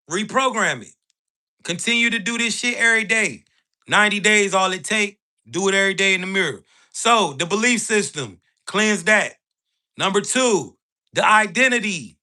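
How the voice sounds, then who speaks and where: Expressive and high-pitched, with a bright, forceful tone at normal speed, a man hosts a motivational livestream. He talks bluntly in street slang laced with profanity, tossing out "right?" time after time.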